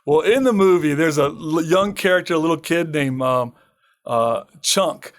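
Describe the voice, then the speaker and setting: A man's voice: a little high, moderate pace. A man telling a dramatic personal story as a podcast guest, acting out the lines of the people in it and laughing often. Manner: lively anecdote teller who acts out quoted lines, laughs often. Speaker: guest, permaculture farmer and author. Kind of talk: animated storytelling in a podcast interview.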